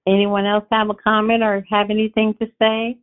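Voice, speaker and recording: A woman's voice: medium pitch, monotone, a little fast, clear, resonant tone. Woman hosting a prayer line by phone. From California. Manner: affirming, softly repeats phrases. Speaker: host of a morning prayer call. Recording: phone-line call audio.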